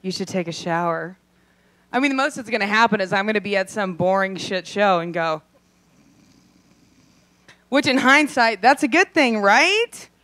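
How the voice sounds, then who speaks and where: Brash, lively-voiced woman doing stand-up. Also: mid-range voice, dry recording. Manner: brash and profane, acting out voices in quick asides. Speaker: stand-up comedian. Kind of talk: stand-up comedy set. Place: comedy club stage.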